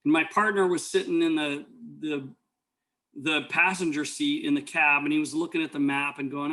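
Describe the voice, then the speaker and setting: A man's voice: on the high side, fairly even intonation, normal speed, bright, forceful tone. A man teaching an EMT class, telling rambling stories full of fillers and restarts. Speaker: EMT instructor. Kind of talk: lecture with personal stories.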